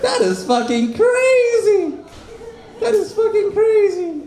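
An incredulous Jesus, put on by a man in a stand-up bit, his voice leaping very high as he swears in disbelief. It rings with an echo off the room. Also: very animated, takes it slowly, darkish tone, exaggerated voice.

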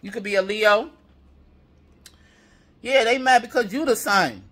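A man's voice: high-pitched, measured pace, fairly bright tone. A man giving a tarot reading to viewers, heated and profane, piling up repeated affirmations. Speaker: tarot reader.

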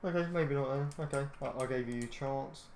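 A man's voice: mid-range voice, fairly quick, darkish tone, a little hiss or hum. A British man hosting a gaming channel, giving casual gameplay commentary full of ums and restarts, easily irritated and grumbling. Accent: British English. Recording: roomy echoey home recording.

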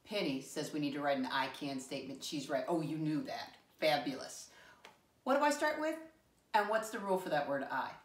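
A woman teaching a first grade lesson, her voice sitting slightly low. She talks in an encouraging, patient way and sounds out words for young children. The sound is roomy and echoey, as if the mic sits some distance away. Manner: encouraging, calls viewers "my friends", spells words slowly.

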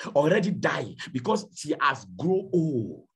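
A man preaching a sermon, telling a story dramatically and swinging from hushed to shouting. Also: a little high, sing-song, a little slow. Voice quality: very husky. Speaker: pastor.

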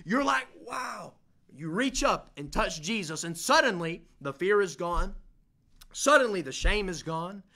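A man's voice: sits high, expressive, measured pace, pushed and bright. A young man preaching a fervent sermon, building emphasis through repeated phrases. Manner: fervent, repetitive preaching cadence with rising emphasis.

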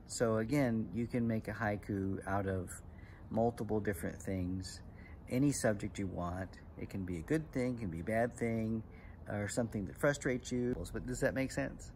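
A man's voice: on the low side, moderate pace, darkish tone, slight background noise. A man working as a club instructor, giving a step-by-step lesson to children and explaining patiently with frequent ums. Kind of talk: slow step-by-step lesson for kids.

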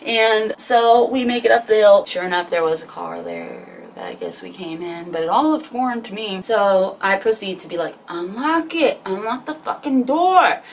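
A woman's voice: mid-range voice, normal speed, gravelly, few pauses, slight background noise. Young woman, twenties, profane rambling storytelling, self-mocking, slightly distant mic, faint ambience. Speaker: vlogger. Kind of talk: casual storytime.

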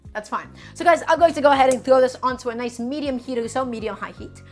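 A woman's voice: sits high, fast talker, soft background music. A woman from Brooklyn, hosting a live cooking stream from her home kitchen and chatting with viewers as she works. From Brooklyn, New York. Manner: chatty, talks to chat as "guys" while cooking.

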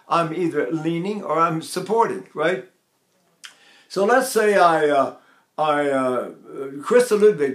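An older male voice teacher with a fairly high voice talks through vocal technique. He rambles and wanders off on side notes. The sound is echoey, as if recorded in a bare room. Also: fairly bright tone. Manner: rambling, digressive explanations with sung demonstrations.

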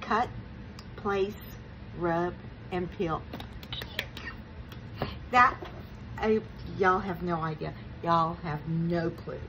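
Gushing, slow-talking woman. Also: lowish voice, dull audio, background noise. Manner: gushing, breathless excitement with gasps. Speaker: crafting vlogger. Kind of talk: unboxing vlog chat.

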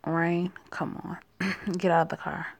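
A woman reading the part of a courteous male caseworker from a foster agency in a story game. The delivery is slow and formal, with some gravelly fry at the bottom of her voice. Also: on the low side, level tone.

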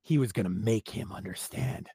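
A man's voice: on the low side, moderate pace, mellow, husky, dry recording. A man reading his own short story aloud live on a stream, in a dramatic, wry storytelling manner.

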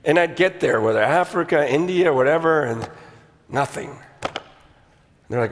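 A man in his fifties preaching a sermon, telling stories with animated restarts and quoted asides. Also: on the high side, unhurried, long pauses, big-room sound, background noise. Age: 50s. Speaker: pastor.

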